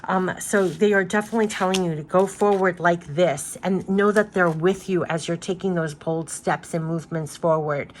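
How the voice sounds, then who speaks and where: A woman's voice: on the low side, normal speed, few pauses, a little hiss or hum. A woman giving a spiritual card reading, talking in a loose, rambling way and repeating reassurances emphatically. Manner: loose and rambling with many restarts. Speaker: tarot card reader.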